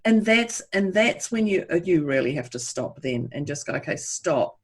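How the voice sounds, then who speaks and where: A woman's voice: fairly low pitch, animated, moderate pace, slightly rough. A woman co-hosting a podcast in casual chat, acting out inner voices as she talks. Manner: chatty, acts out inner voices, calls listener love. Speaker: podcast co-host.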